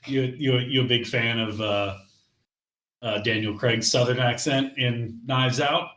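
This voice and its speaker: A man's voice: medium pitch, steady tone, unhurried, sharp tone, roomy sound. A man co-hosting a movie podcast, easygoing and joking in casual chat. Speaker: podcast co-host.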